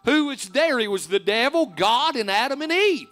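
Man, preacher, very high pitch, bright tone, fervent sermon delivery. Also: big pitch swings, normal speed, faint music behind. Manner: fervent, rising to loud emphatic preaching.

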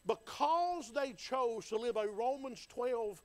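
A man's voice: very high-pitched, a little slow, hardly any pauses. A man preaching a sermon in a folksy, fervent style, building in intensity. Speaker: pastor.

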